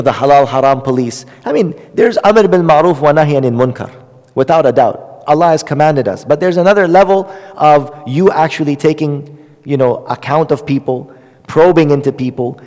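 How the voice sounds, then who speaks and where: A man's voice: a little high, a little mellow. Man teaching an Islamic lesson, echoey hall. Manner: conversational, with many fillers and repetition for emphasis. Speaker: religious lecturer.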